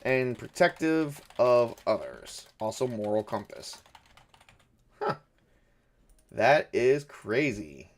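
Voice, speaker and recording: A man's voice: mid-range voice, sing-song, slow pace, long pauses. A man running a solo tabletop game, thinking aloud in a rambling, self-correcting way. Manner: rambling, self-correcting, chuckles at own jokes. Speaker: game master.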